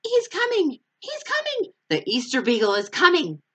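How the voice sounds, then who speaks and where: A woman's voice: medium pitch, sing-song, fairly quick, bright, forceful tone, husky, exaggerated voice. A woman voicing an earnest, hopeful young boy in a storybook read-aloud. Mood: thrilled.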